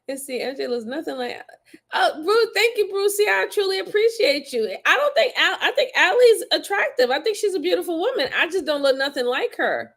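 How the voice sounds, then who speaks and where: A woman's voice: high voice, fairly bright tone. A woman hosting a casual livestream, reacting to a crime video and teasing her viewers by name with lots of laughter.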